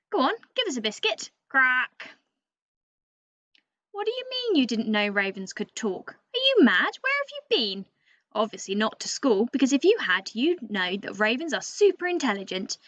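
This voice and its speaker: A woman's voice: on the high side, a bit bright, dry recording. A woman reading aloud as a cheeky, boastful male raven who bosses the listener around, in a storybook voice. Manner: cheeky, bossy, talks straight to the listener. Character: cocky chatty male raven, boastful know-it-all. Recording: dull lo-fi dry recording.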